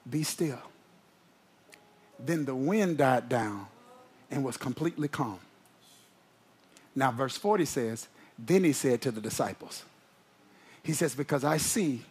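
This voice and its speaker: Male pastor, fairly high and husky voice, preaches in swings from hushed to loud and emphatic. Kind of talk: sermon.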